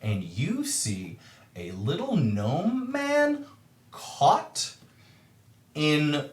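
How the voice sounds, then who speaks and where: A man narrating a tabletop game as game master, halting often with ums and uhs. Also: fairly high pitch, huge pitch swings, roomy sound.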